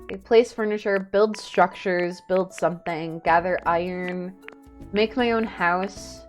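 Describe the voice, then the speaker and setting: A woman streaming a game live, chatting casually, excitable and a little shy in her asides. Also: on the low side, a little slow, soft background music.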